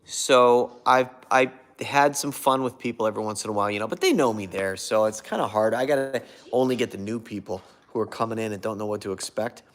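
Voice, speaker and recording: His voice is on the low side, a little fast, with hardly any pauses. Hosting a relaxed livestream, he reads and thanks viewer comments, drifting and losing his thread as he goes.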